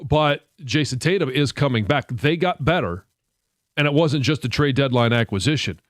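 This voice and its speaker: A man co-hosting sports talk radio, measured and ready to push back, often restarting his sentences, speaking into a studio microphone. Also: medium pitch, expressive, no echo.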